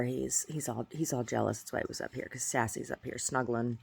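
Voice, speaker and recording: A woman's voice: a bass voice, steady tone, brisk, creaky, husky. Rambling aggrieved woman. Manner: rambling and aggrieved, often restarting phrases. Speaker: video diarist. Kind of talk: casual video diary.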